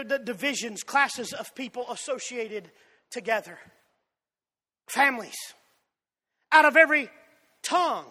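A man with a Southern drawl from Georgia, preaching a fiery sermon that swings between loud shouts and soft asides. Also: very high-pitched. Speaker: pastor. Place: church sanctuary. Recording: long hall reverb.

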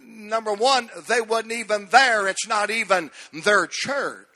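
A man's voice: high-pitched, measured pace, hardly any pauses, bright, forceful tone, big-room sound. A man, a pastor preaching a sermon with an emphatic, repetitive cadence.

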